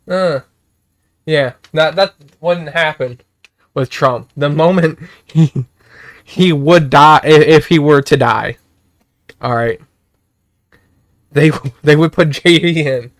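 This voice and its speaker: Young male streamer, slightly high, smooth voice, excitable rant, dry close mic. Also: no room sound. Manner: excitable, repetitive, swears and shouts when worked up. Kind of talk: casual political rant to chat.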